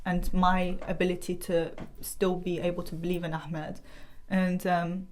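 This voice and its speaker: A young woman giving an emotional, halting testimony as a podcast guest, often restarting and breaking into nervous laughs. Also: on the low side, level tone, a little mellow, slight background noise. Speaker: guest sharing her family's story.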